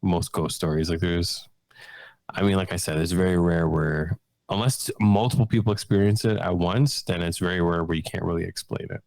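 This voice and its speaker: A man's voice: low voice, fairly even intonation, moderate pace, vocal fry, darkish tone, no echo. A man co-hosting a podcast, chatting casually and agreeing easily with his co-host. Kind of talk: casual chat.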